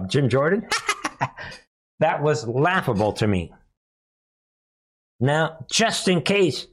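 A middle-aged man hosts his own political commentary show, speaking casually and straight to his viewers. His delivery is animated, with frequent chuckles and repeated calls to "folks". His voice sits at an ordinary pitch for a man. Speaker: political commentary channel host.

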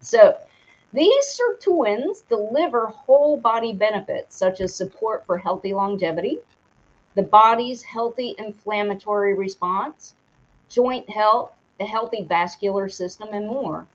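A woman's voice: mid-range voice, expressive, unhurried. A woman co-hosting a live show, reading product details aloud, tripping over hard words and laughing at herself. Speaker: co-host reading a sponsor segment. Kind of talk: casual live-stream talk. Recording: dull lo-fi stream audio.

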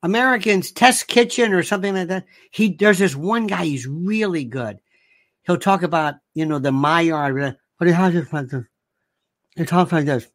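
A man's voice: high-pitched, normal speed. A man hosting his own show, delivering an emphatic, opinionated monologue and repeating himself for emphasis. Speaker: show host.

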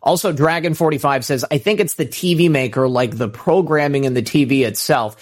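A man's voice: a little high, brisk. A man hosting a live call-in stream, talking loosely with many fillers and restarts. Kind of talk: casual live-stream talk.

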